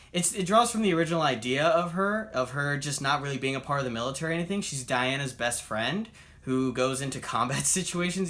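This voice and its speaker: A man's voice on the high side, with a fairly bright tone, carries this laid-back comic book review. He walks through the story in a lively, chatty way, slipping into the characters' voices for their lines.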